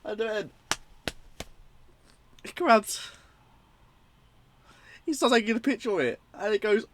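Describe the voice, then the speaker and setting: Young man, slightly high voice, excitable, swears a lot, rambling casual review. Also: takes it slowly, pauses often, no echo. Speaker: horror film reviewer.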